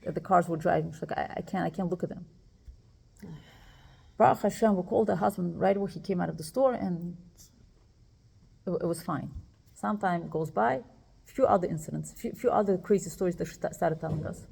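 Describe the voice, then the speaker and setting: Woman with a gravelly voice telling a personal story. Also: lowish voice, fairly quick, long pauses. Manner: emotional, animated retelling with quoted dialogue. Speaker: speaker addressing women.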